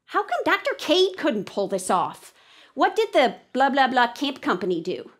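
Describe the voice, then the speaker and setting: Woman teacher, higher voice, lively and expressive, demonstrating how to think aloud while reading. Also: moderate pace. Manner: animated, switching between reading aloud and thinking aloud. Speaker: teacher trainer. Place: classroom with an audience.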